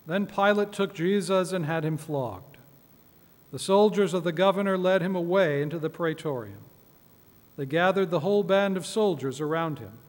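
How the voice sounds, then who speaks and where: A man reading scripture aloud at a midweek church service, measured and solemn. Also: high-pitched. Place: church sanctuary. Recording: echoey church hall.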